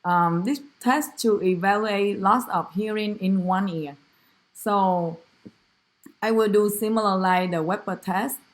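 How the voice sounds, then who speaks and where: A woman with a Vietnamese first language, narrating a clinical exam demonstration as a student, halting, with many fillers and self-corrections. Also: mid-range voice.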